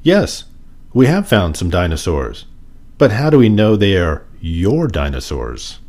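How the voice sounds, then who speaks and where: A man's voice: sits low, very animated, unhurried, a little mellow, exaggerated voice. A man doing a cheerful lost-and-found clerk.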